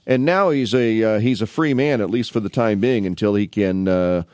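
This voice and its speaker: A man's voice: fairly low pitch, normal speed, a little mellow, slight background noise. A man filling in as host on a local radio talk show, chatting casually with rambling restarts and wry asides from a studio mic.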